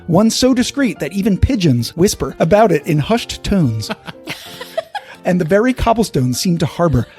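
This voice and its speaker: High-voiced joking man hosting a podcast. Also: big pitch swings, moderate pace, a little mellow, soft background music. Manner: punning, jokey, mock-dramatic storytelling. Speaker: podcast host. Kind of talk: casual chat and comic scripted history reading.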